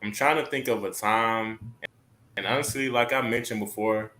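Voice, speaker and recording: A man on a panel, reflecting thoughtfully and pausing as he talks about his father. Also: fairly low pitch, steady tone, pushed and bright. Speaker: panel guest. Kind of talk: casual panel chat.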